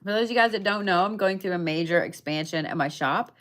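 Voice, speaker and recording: She talks fast, her mid-range voice fairly bright, as she delivers a casual tarot and zodiac reading. The young adult reader is emphatic and chatty, swears without fuss, and keeps asking listeners "okay?"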